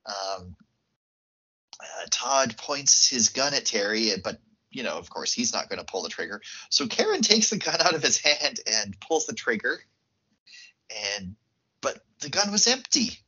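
Bright, husky podcast co-host. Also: medium pitch, moderate pace, dull audio. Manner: laughs often, relaxed plot recap. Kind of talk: casual chat recapping a film plot.

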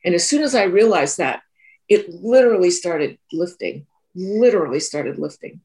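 A woman's voice: lowish voice, animated, moderate pace, warm tone. A woman who is a teacher and therapist tells a reflective personal story in an interview, talking earnestly and often repeating and restarting her phrases. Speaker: Three Principles teacher and therapist.

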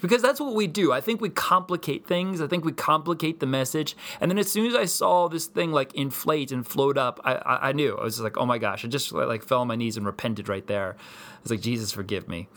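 A man in his thirties, a pastor, telling a personal story in a sermon, rambling with many restarts. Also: a little high. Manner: rambling, repetitive restarts, animated.

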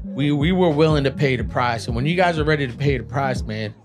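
A man hosting a motivational podcast, talking in an animated, slangy way and often saying "man". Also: medium pitch, brisk, over music. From Native American. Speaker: podcast host.

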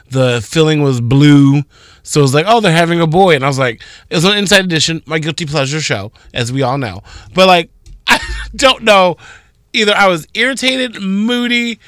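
Lively, bright-voiced radio co-host. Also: male voice, on the high side, dry recording, studio quality. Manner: animated storytelling, acts out quoted voices. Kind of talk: casual morning radio chat.

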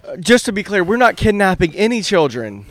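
A tipsy man co-hosts a casual hockey podcast, chatting bluntly and swearing constantly in this drunken banter. His voice sits high with a sing-song lilt, and he talks a little fast.

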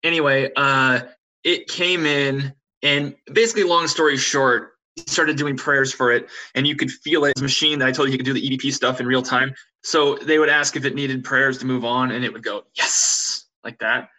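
A man's voice: medium pitch, steady tone, brisk, sharp tone, rough recording. A young man telling a ghost story in casual conversation, rambling with many fillers and restarts and acting out what others said. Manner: rambling, frequent fillers and restarts, acts out quotes. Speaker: podcast guest telling ghost stories.

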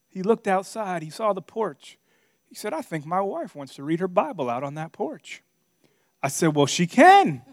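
A middle-aged man preaching a sermon, telling a personal story and swinging between quiet asides and loud, emphatic preaching. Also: medium pitch, dry recording, clean studio sound. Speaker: pastor.

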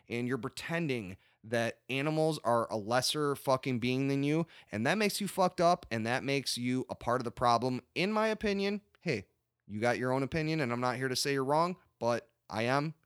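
A man hosting a casual podcast, ranting with lots of swearing and animated asides. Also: medium pitch, normal speed, clean tone, no echo, studio quality. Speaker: podcast host.

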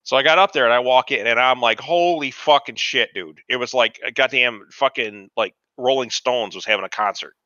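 A man casually telling a profane, animated story about an old job, acting out the dialogue. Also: medium pitch, fairly quick, few pauses, no room sound, highs cut off. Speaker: podcast co-host.

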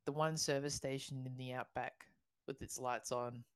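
An Australian woman with a low voice co-hosts a casual podcast. She tells stories in a chatty way, laughs often, and restarts her sentences as she goes. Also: steady tone, moderate pace, clear, resonant tone. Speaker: podcast co-host. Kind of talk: casual chat.

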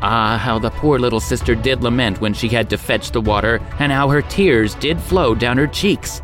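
A man narrating a fairy tale in an expressive storyteller's manner. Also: medium pitch, moderate pace. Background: background music.

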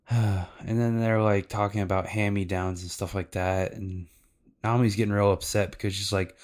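A man's voice: lowish voice, fairly even intonation, measured pace, darkish tone. A man hosting a podcast, recapping cartoon episodes in loose, casual talk with fillers and swearing. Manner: loose, profane, lots of fillers. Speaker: podcast host.

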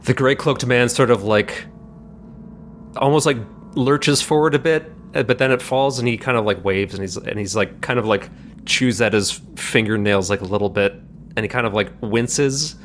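A man narrating a tabletop game as game master, descriptive and halting, with many fillers. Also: mid-range voice, a little hiss or hum.

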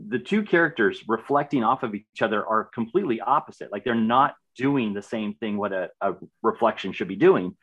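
A man's voice: lowish voice, lively intonation, a little fast, hardly any pauses, a bit bright, lo-fi sound. A man co-hosting a podcast, chatting with enthusiasm about a TV series and often repeating words as he starts a thought. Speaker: podcast co-host. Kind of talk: casual chat reviewing a TV series.

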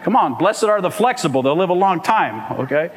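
A man's voice: sits high, animated, fairly quick, crowd noise. A man preaching a sermon to his church, emphatic and asking the congregation "amen?". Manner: emphatic, call-and-response, asks "amen?". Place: church hall. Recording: long hall reverb.

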